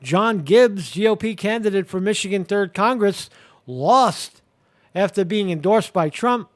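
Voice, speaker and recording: A man's voice: sits high, lively intonation, a little slow. A man hosting a live commentary show, talking casually with many fillers, restarts and crude language. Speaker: show host.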